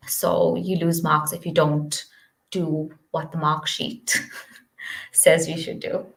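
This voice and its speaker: A woman's voice: low voice, fairly bright tone. A woman with a South African accent, answering interview questions as a pharmacist guest and explaining things patiently with easy laughter.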